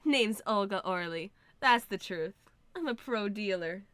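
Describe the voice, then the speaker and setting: A woman reading the lines of a cocky, tough-talking female swindler in a video game, at a slow pace. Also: medium pitch, lively intonation, fairly bright tone, no echo. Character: brash female professional swindler, confident.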